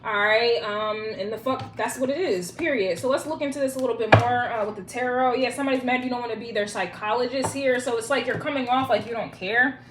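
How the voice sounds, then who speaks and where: A woman's voice: fairly high pitch, brisk, few pauses. Profane playful woman tarot reader. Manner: profane, playful, chanting rhymes. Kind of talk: casual tarot reading. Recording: echoey room with loud noise.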